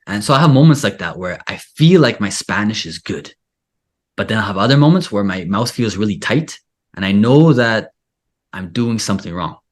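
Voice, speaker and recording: A man's voice: lowish voice, lively intonation, moderate pace. A man hosting a casual interview, talking in a rambling way full of filler "like". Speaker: podcast host and Spanish teacher.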